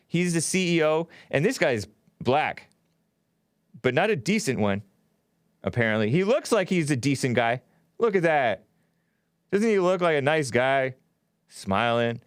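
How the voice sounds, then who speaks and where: A man's voice: medium pitch, dry recording, clean studio sound. A man hosting a solo commentary show, reading out news quotes and mocking them with sarcastic asides. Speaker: podcast host.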